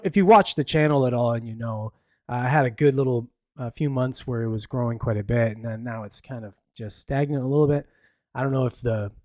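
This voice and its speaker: A man's voice: medium pitch, darkish tone, dry recording, clean studio sound. A man hosting a podcast alone, chatting casually about the news in a rambling way, full of fillers and restarts. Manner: opinionated and chatty. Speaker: podcast host. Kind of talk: casual solo news chat.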